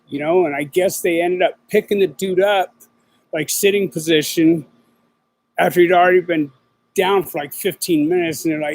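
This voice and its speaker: A man's voice: a little high, fairly even intonation, moderate pace, poor audio. A middle-aged man hosting his own show, talking casually and rambling in profane street slang with lots of fillers. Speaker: podcast host. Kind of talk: casual livestream chat.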